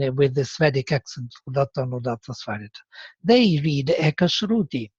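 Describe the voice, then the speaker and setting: Patient teacher, breathy tone, muffled call audio, steady middle pitch. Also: no room sound. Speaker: Sanskrit teacher. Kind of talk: online class explanation.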